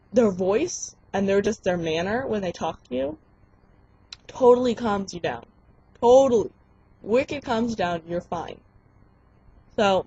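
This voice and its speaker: A young woman giving casual advice in a vlog, bubbly and excitable, squealing when she acts out quotes. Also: mid-range voice, slightly rough, no echo, highs cut off. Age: young adult. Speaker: vlogger.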